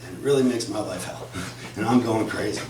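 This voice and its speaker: A man from Flint, Michigan telling a profane comic story at an open mic, dropping to low mutters and bursting into shouts. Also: a little fast. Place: cafe open mic night. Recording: echoey room, mic far off, faint noise.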